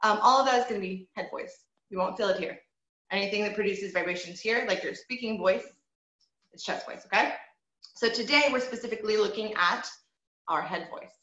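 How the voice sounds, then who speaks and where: Speaking a little fast at medium pitch with a fairly bright tone, a woman teaches voice to an online group. She encourages them and explains through demonstration, modeling owl hoots and bird sounds. The recording is lo-fi call audio, echoey and dull.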